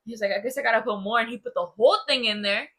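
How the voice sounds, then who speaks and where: A young woman co-hosting a podcast, chatting casually and telling family stories with quick asides. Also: fairly high pitch, fairly bright tone. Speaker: podcast co-host. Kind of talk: casual chat.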